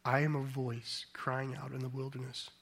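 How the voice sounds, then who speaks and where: A man voicing a humble male desert preacher who speaks quietly and solemnly. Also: medium pitch, completely flat delivery, moderate pace, vocal fry, slightly rough, voice pushed down.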